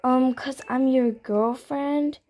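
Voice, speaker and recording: A woman's voice: high-pitched, steady tone, takes it slowly, warm tone. A woman voicing a timid teenage girlfriend who pleads and whines in a doll role-play skit. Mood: pleading. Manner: pleading and whiny. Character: timid, whiny teen girlfriend, easily hurt.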